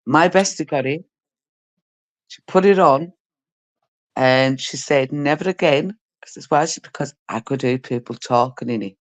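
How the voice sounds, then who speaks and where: A man chatting casually in a jokey way, firing off quick anecdotes. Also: medium pitch. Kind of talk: casual chat.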